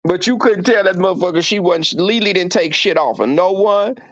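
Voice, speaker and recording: Speaking briskly in a high-pitched voice, a man hosts a casual livestream chat from home. His storytelling for viewers is animated, campy and full of profanity. There's no echo, and the sound is dull, dry and lo-fi.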